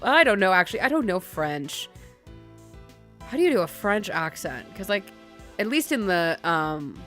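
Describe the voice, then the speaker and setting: A woman's voice: medium pitch, very animated, moderate pace, fairly bright tone. A woman hosting a game let's play, chatting casually with profane, giggly, rambling asides. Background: game music.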